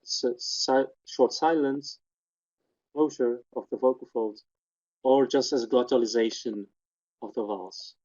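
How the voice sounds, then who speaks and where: In a webinar, a man gives a technical lecture walking through spectrograms, methodically pointing out sound details step by step. His medium-pitched voice is a little slow and a little mellow, and the lo-fi audio sounds dull.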